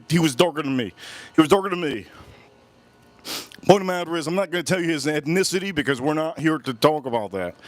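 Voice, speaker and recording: A whiskey channel host from the Miami area, USA, tells a long, rambling story on a livestream, repeating himself and acting out quoted voices with animation. His voice is on the high side, with no room sound.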